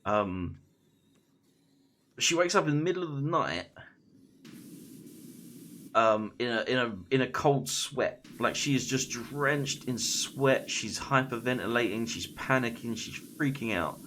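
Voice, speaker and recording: A man streaming a game while casually retelling a scary story, halting and full of fillers and restarts. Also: medium pitch, lively intonation, a bit bright, slight background noise.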